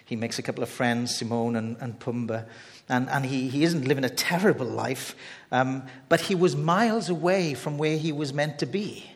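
A man gives a sermon in a slightly higher-than-usual voice, talking to the room as if chatting and tripping over repeated starts. His words ring out with a long reverb from a large hall. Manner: conversational, halting with many repeated starts. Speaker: preacher.

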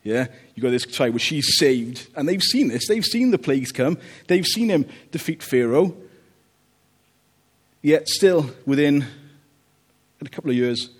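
A man preaching a relaxed, conversational sermon, joking about family life and often checking in with "okay?". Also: fairly high pitch, measured pace, breathy edge. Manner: chatty, jokey, checks in with "okay?".

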